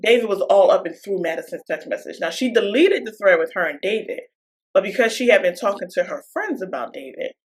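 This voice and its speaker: A woman's voice: medium pitch, brisk. A woman co-hosting a podcast, casually and animatedly retelling a reality show and acting out what people said, with frequent laughter. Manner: animated storyteller, acting out quotes; laughs often. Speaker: podcast co-host.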